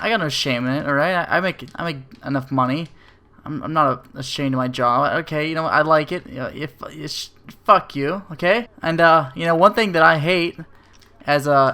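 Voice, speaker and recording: A man's voice: a little high, bright, forceful tone. A man giving a profane, exasperated comedic rant to the camera. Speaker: comedic ranter.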